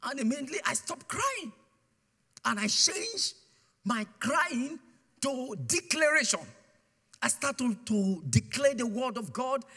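A man preaching a guest sermon, telling his testimony with mounting passion and bursts into shouted declarations. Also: extremely high pitch, very animated, slow, breathy edge. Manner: impassioned storytelling, swelling to shouted declarations. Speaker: guest pastor. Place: church sanctuary. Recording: long church hall reverb.

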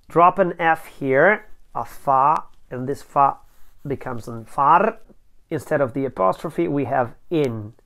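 An unhurried teacher explains each word slowly and deliberately. The delivery is patient and methodical, working through small details one at a time at a mid pitch. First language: Italian. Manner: patient, spells out words step by step. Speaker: language teacher. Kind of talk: slow explanatory lesson.

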